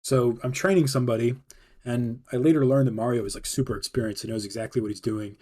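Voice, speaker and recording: Mellow-voiced man telling a story. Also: mid-range voice, steady tone, quick pace. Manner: rambling, filler-heavy with frequent laughs. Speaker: podcast host. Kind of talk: casual storytelling.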